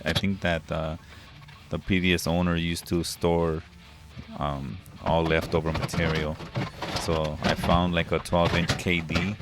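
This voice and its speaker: Deep-voiced man narrating a job. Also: heavy background noise. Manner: plain, matter-of-fact explaining. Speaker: HVAC technician.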